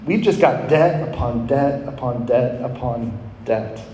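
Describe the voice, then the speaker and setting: A man's voice: medium pitch, a little slow, warm tone, muffled recording, a little hiss or hum. A man in his thirties preaching a sermon to college students, earnest and questioning, his voice rising and falling. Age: 30s. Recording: echoey hall with long reverb.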